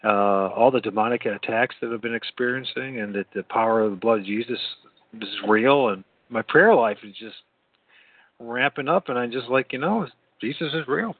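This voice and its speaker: A man's voice: medium pitch, moderate pace, dry recording. Rambling man on a tinny line. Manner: rambling, repeats words, laughs easily. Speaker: podcast host. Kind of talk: casual late-night call-in chat. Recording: tinny phone-like sound.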